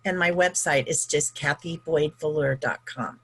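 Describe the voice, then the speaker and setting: A woman author chats as a podcast guest in a husky, lowish voice. She is soft-spoken and agreeable, answering questions plainly. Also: moderate pace, poor audio. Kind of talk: casual interview chat.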